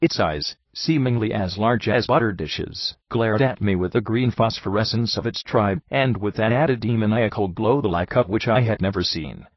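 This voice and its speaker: Man, audiobook narrator, measured deliberate reading, dry close sound, dull lo-fi recording. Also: fairly low pitch, dry recording. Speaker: audiobook reader. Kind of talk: first-person audiobook narration.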